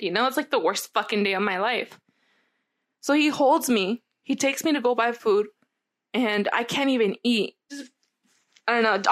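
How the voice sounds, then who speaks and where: A woman's voice: a little high, a bit bright. Chatty young woman rambling through a story. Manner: rambling, heavy use of "like", candid and swearing. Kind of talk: casual storytime chat.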